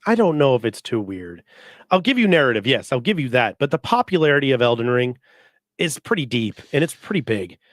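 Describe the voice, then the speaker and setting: A man's voice: mid-range voice, sing-song, brisk, no room sound, clean studio sound. A man co-hosting a podcast, talking in an opinionated, emphatic way and swearing freely in casual chat. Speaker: podcast co-host.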